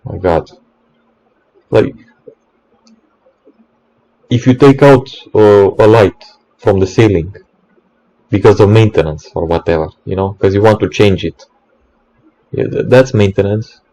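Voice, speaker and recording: Exasperated swearing man, low mellow voice. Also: a little slow, long pauses, poor audio. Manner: exasperated, swearing, stammering restarts. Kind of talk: ranting monologue.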